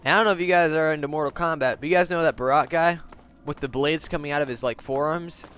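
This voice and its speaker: Young male let's-play commentator on a headset mic, excitable and foul-mouthed, with a bright, slightly high voice. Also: quick pace, clear, resonant tone. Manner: excitable, profane, bursts into yelling. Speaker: gaming commentator.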